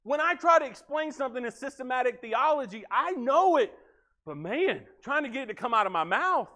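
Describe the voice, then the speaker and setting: Earnest guy preaching, really high voice, goes loud then hushed. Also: big pitch swings, a little fast. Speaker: pastor. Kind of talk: sermon.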